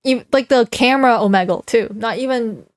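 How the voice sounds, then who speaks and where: A woman's voice: fairly high pitch, normal speed, no room sound, studio quality. Chatty, giggly young woman streamer. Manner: chatty and giggly, reads chat aloud and reacts. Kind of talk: casual live-stream chat.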